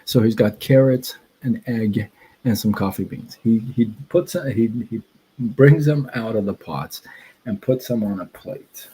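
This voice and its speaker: A man hosting a casual livestream, telling a story in a rambling, halting way and breaking off to greet his chat. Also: lowish voice, mellow, husky, low-quality recording. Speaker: livestream host.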